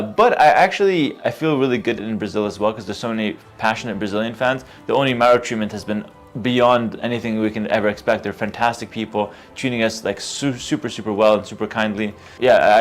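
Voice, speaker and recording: A man answering interview questions at a gaming tournament, relaxed and self-assured, with many fillers. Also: lowish voice. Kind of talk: post-match interview.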